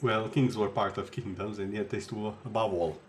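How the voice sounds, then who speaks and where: A man's voice: fairly low pitch, steady tone, normal speed, slight background noise. A man streaming a game, giving casual, rambling commentary with jokey asides to his chat.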